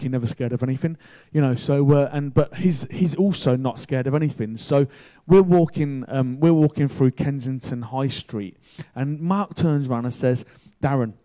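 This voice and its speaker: A man preaching a sermon in a casual, chatty way, telling a story with excitable bursts. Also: medium pitch. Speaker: pastor.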